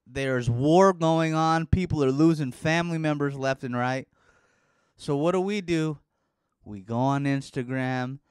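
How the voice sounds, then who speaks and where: A man's voice: fairly high pitch, clean tone, dry recording, studio quality. A young man hosting a casual solo podcast, rambling sarcastically and swearing often. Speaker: podcast host.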